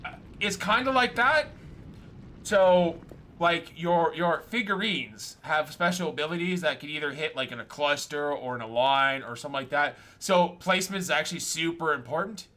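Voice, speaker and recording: A man streaming a game, chatting casually and rambling excitedly through stories. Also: on the high side, normal speed. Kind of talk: casual chat while gaming.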